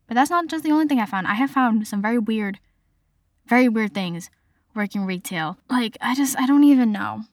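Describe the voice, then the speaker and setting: A woman's voice: on the high side, quick pace, no echo. Chatty young woman podcaster, dry sound. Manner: chatty, lots of "like" fillers, animated retelling. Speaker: podcast host. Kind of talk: casual storytelling monologue.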